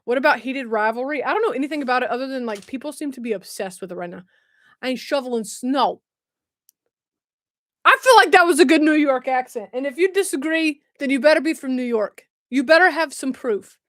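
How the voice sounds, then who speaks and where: Giggly high-voiced woman streamer. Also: animated, fast talker, hardly any pauses, fairly bright tone, dry recording, clean studio sound. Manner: giggly, self-mocking, frequent laughter. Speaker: streamer host. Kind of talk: casual live-stream chat.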